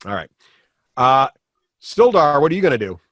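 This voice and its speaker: A man's voice: mid-range voice, big pitch swings, normal speed, a bit bright, no echo. A man running a live tabletop game as game master. He explains the rules and positions patiently and calls on each player by name.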